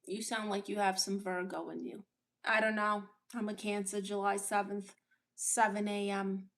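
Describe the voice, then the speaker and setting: A woman's voice: mid-range voice, flat delivery, normal speed, a bit bright. A woman from Brooklyn with a Brooklyn accent, hosting a casual livestream and answering viewer comments in a blunt, sassy, unapologetic way. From Brooklyn, New York. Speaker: livestream host.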